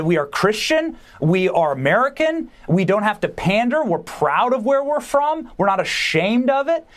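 A man with a fairly high voice speaks as a guest commentator on a news show. He argues emphatically and quickly, preaching his point with rising conviction. His delivery is pointed and sure of itself. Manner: emphatic, preachy and fast-talking. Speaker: podcast host and guest commentator. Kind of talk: political commentary.

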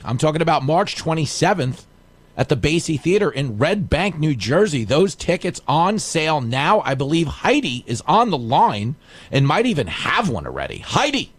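Animated, joking radio talk host man. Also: medium pitch. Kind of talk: casual call-in radio chat.

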